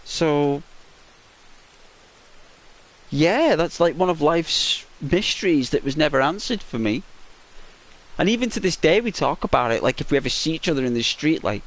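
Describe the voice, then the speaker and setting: A man's voice: on the high side, lively intonation, moderate pace, pauses often, fairly bright tone. Rambling man telling a gaming-vlog story. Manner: rambling, chatty, many fillers and restarts. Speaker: gaming channel host. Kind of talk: semi-ASMR storytelling narration over gameplay.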